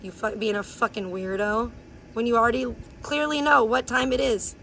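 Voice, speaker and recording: A woman live streamer ranting in blunt, crude, gossipy chat and sometimes breaking into high playful chants. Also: steady tone, moderate pace, creaky, a bit bright, slight background noise. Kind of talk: casual IRL livestream chat.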